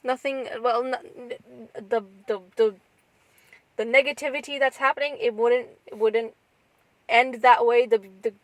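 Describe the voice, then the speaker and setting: A woman's voice: on the high side, fairly even intonation, a little slow, dry recording, rough recording. A woman co-hosting a podcast, chatting casually and rambling with lots of restarts and fillers. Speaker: podcast co-host. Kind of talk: casual chat.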